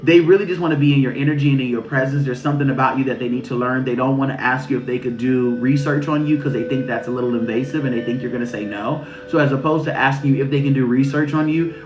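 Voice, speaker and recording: A man's voice: medium pitch, darkish tone. A man giving a casual spiritual reading on a live stream. He talks loosely and profanely, repeats phrases and often breaks into laughter. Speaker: intuitive reader channeling messages. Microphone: phone during a live stream. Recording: roomy, slightly muffled stream audio with faint music.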